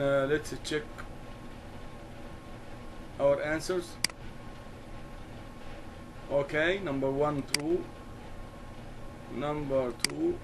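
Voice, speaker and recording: Slow, deliberate male English teacher. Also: fairly high pitch, background noise. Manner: slow, deliberate, repeats key words. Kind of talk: classroom lesson explanation.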